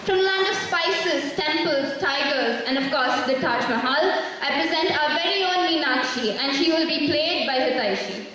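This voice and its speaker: High-voiced stage anchor in an echoey hall. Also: animated, normal speed, hardly any pauses, pushed and bright, recorded from a distance, a little hiss or hum. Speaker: stage anchor introducing the cast. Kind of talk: scripted stage announcing. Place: large school hall stage.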